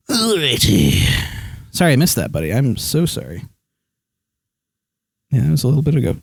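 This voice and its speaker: A man's voice: on the high side, big pitch swings, moderate pace, a little mellow, no room sound. A man streaming live, chatting casually and rambling with lots of ums and likes, speaking into a hand microphone.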